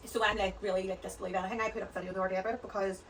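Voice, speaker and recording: A woman's voice: medium pitch, flat delivery, racing, a bit bright, distant mic, slight background noise, poor audio. A woman, chatting as a podcast guest, rambling through stories one after another. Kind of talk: casual chat.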